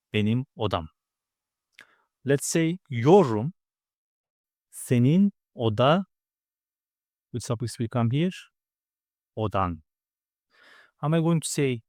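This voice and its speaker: Man, language teacher, patient step-by-step explaining, slow repeated words, dry close sound. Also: mid-range voice, darkish tone, no room sound. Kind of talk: grammar lesson.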